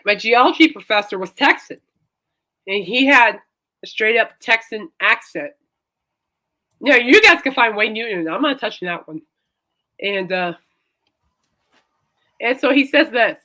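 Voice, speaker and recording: A woman's voice: on the high side, expressive, measured pace, pauses often, pushed and bright. A woman hosting a casual chat show, rambling and laughing often. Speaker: host.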